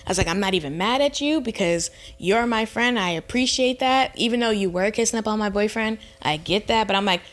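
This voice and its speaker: A young woman co-hosting a podcast, telling a story in casual chat, animated and profane, her voice jumping high when she quotes herself. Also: a little fast, hardly any pauses. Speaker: podcast co-host.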